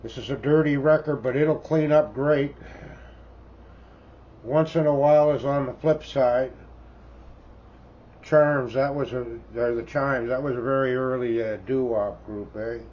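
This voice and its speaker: A man's voice: medium pitch, fairly even intonation, unhurried, long pauses. A man in his seventies with a Canadian accent, chatting casually as a record collector in a folksy, rambling way and tagging remarks with "eh?". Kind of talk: casual show-and-tell chat. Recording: dull lo-fi sound with faint background noise.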